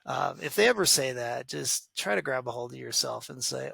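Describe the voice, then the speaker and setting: A man being interviewed on a podcast as a parenting expert, telling stories with animated energy, acting out quoted voices and laughing often. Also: medium pitch, normal speed, gravelly, few pauses, slightly rough, dry recording.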